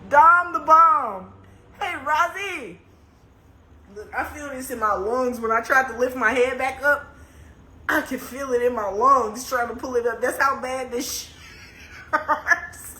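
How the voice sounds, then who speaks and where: On a couch indoors, a woman livestreams casually, laughing while dramatically complaining about a stiff, sore neck and reading out comments. Her voice is on the high side, steady, bright and forceful at a moderate pace. It's recorded on a phone in an echoey room with faint noise.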